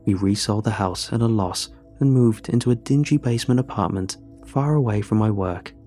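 Low mellow guy reading a creepy horror story, slow and somber, faint music behind. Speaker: narrator. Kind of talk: scripted horror story narration.

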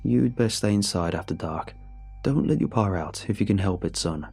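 A man voicing a frail old male neighbor, gruff but kindly, with a slow, low drawl, in a told horror story. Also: a little mellow, faint music behind. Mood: grave warning.

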